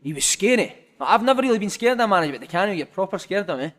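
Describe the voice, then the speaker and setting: A man, a former footballer telling animated, sweary dressing-room stories as a podcast guest. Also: sits high, racing. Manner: animated, swearing, lots of "mate". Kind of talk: casual storytelling chat.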